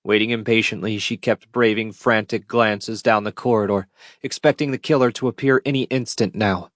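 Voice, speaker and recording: A man with a lowish voice narrates an audiobook at a steady, measured pace. The recording is dry and close, with no room sound. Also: no echo. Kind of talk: scripted narration.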